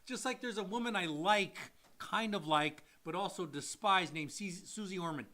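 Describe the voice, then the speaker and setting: A man co-hosting a casual podcast, talking in an animated way, acting out quotes in voices and laughing often. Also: sits high, moderate pace. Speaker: podcast co-host. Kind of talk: casual chat.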